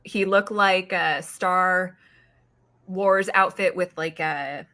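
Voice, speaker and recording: Expressive woman telling a story. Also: lowish voice, slow pace. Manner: expressive storyteller who acts out her own quotes. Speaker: psychic guest. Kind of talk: casual chat.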